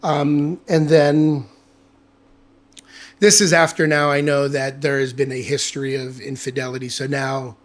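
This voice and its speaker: A man guest on a podcast, telling a personal story in casual chat, candid and animated, swearing freely and acting out the dialogue he quotes. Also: mid-range voice, measured pace.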